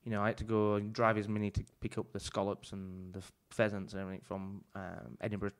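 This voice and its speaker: A man's voice: on the low side, completely flat delivery, quick pace, smooth. A man, a chef and author, telling long rambling stories in a casual podcast chat, full of "like" and swearing.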